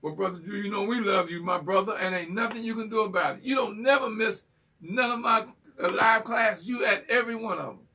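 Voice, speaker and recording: Bright husky high-voiced male host. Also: a little fast, distant mic. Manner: folksy, teasing, animated. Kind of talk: live call-in class, casual chat.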